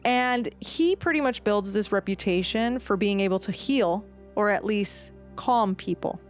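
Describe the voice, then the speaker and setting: A woman's voice: medium pitch, unhurried, faint music behind. A woman presenting a history story on a casual podcast, chatty, with lots of fillers. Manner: chatty, animated, many fillers, jumps into quoted voices. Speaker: podcast co-host presenting the research.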